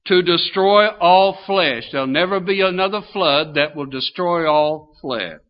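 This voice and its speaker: An older man preaching a sermon in a folksy way, asking his listeners questions as he goes. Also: on the high side. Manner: folksy, asks the congregation questions. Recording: dull lo-fi sound.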